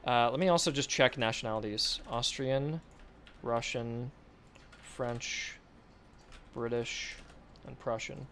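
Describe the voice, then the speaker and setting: A man's voice: medium pitch, slow, fairly bright tone. Guy on a dev stream muttering feedback, mid voice, a bit of hiss behind. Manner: mumbled, offhand, repeating short approvals. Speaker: game developer streaming. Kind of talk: casual livestream feedback.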